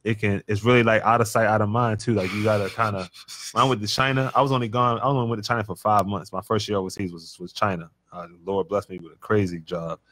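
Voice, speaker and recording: A man's voice: lowish voice, steady tone, quick pace, a bit bright. A man talking as a podcast guest in a laid-back, rambling way, full of fillers and restarts. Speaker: guest, professional basketball player. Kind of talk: casual podcast conversation.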